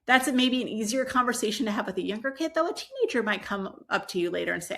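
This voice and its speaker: A woman giving parenting advice in a calm, explanatory solo talk, sometimes acting out what a parent might say. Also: on the high side, quick pace. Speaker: parenting educator.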